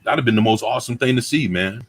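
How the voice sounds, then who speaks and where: A man's voice: medium pitch, quick pace, no echo. A man co-hosting a casual chat, rambling with lots of fillers and profanity. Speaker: co-host.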